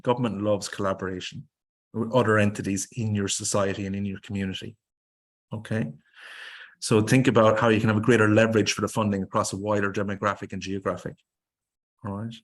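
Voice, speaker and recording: A man with an Irish accent giving a webinar presentation on grants, speaking briskly and emphatically and firing off rhetorical questions. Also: lowish voice.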